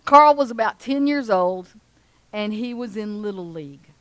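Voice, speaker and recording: A woman, preaching and telling a story with lively acted-out voices of a cheering crowd. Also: moderate pace, no echo. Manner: animated, acts out cheering crowds in a high voice. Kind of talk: sermon storytelling.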